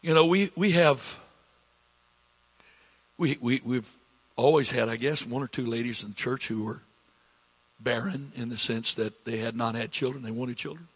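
A middle-aged man preaching a sermon as pastor, slow and repetitive, rising in pitch when he presses a point. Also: husky. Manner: slow, repetitive preaching, rising with emphasis, coughs between lines.

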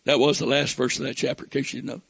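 A man preaching a sermon, reading scripture aloud and building to fervent shouts. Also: medium pitch, little pitch movement, very fast, gravelly, husky.

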